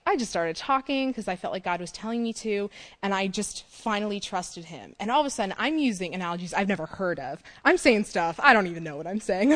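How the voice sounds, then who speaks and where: A young woman giving a personal faith testimony, talking quickly and excitedly, laughing often, with many "like" and "um" fillers. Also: mid-range voice. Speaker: short-term mission trip speaker.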